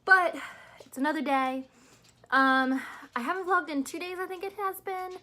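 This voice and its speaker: A woman's voice: sits high, steady tone, moderate pace, sharp tone. A young woman telling a rambling, chatty story-time vlog, sounding tired and full of fillers. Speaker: vlogger.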